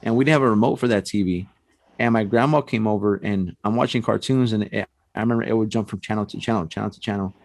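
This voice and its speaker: A man's voice: on the low side, quick pace, gravelly, darkish tone, no echo. A man, a guest on a podcast, casually telling a long personal story, rambling with many fillers like "you know" and "like". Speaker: podcast guest, paranormal investigator.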